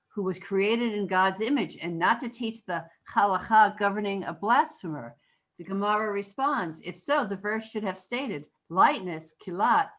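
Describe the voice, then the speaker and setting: A woman, a student in a class, reading a religious text aloud with steady care. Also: medium pitch, rough recording.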